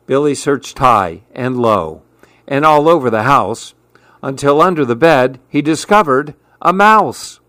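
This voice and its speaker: Slow, rhythmic storybook narrator, man. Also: mid-range voice, no room sound, studio quality. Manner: measured, rhythmic, expressive.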